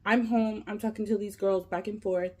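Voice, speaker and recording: A woman vlogger telling a long story while she eats, casual and animated, full of fillers and swearing. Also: mid-range voice, moderate pace. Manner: animated, profane, lots of fillers. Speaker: mukbang vlogger.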